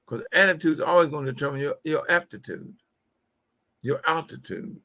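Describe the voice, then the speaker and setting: Gravelly, folksy man preaching business mindset. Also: a little high, lively intonation, normal speed, sharp tone. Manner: folksy, preachy, repeats key phrases. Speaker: host. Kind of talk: motivational business talk show.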